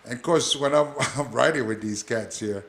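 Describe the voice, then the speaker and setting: A man's voice: medium pitch, normal speed, fairly bright tone. A man, a former pro wrestler, telling stories as a guest in a casual interview, rambling with many fillers and restarts.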